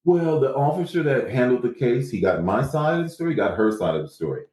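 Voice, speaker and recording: A man's voice: mid-range voice, fairly quick, roomy sound, poor audio. A man guest in a casual interview, telling his story with animation and acting out what others said. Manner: animated, acts out quotes from others.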